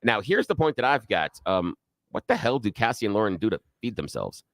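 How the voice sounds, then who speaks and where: Animated, sarcastic male radio host. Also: lowish voice, a little fast, no echo, clean studio sound. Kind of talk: talk radio news banter. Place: radio studio. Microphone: studio microphone.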